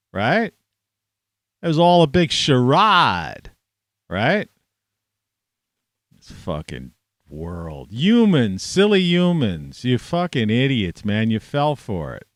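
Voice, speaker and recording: A man ranting to camera in a rambling, profane monologue, scornful and swearing constantly, with sudden loud outbursts. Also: medium pitch, dry recording, studio quality. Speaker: vlogger.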